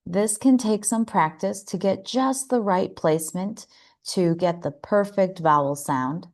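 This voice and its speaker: An American woman teaching English pronunciation, explaining mouth positions and demonstrating vowel sounds slowly and carefully. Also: medium pitch. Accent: General American. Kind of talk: scripted instructional lesson.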